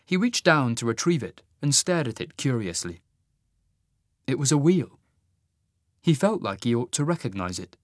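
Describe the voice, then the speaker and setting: A man narrating a fantasy story in an expressive, scripted reading. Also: medium pitch, moderate pace, pauses often, dry recording, clean studio sound. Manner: expressive, rising sharply for the hero's angry lines. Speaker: audiobook narrator.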